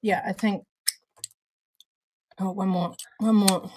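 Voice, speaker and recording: A woman co-hosting a casual live stream, chatty and unhurried, often trailing off and laughing. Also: medium pitch, steady tone, noisy background. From Australia or New Zealand. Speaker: co-host of a vape review stream.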